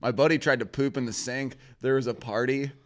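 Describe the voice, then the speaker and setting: A man's voice: mid-range voice, steady tone, a little fast. A man in casual podcast chat, telling a rambling, profane story and laughing often as he goes. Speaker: podcast co-host.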